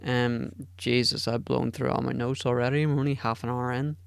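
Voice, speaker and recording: A man's voice: mid-range voice, level tone, normal speed, creaky, smooth, dry recording, clean studio sound. A man hosting a podcast alone, rambling casually, swearing often and putting himself down. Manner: rambling and profane, self-deprecating. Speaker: podcast host. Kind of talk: casual solo podcast chat.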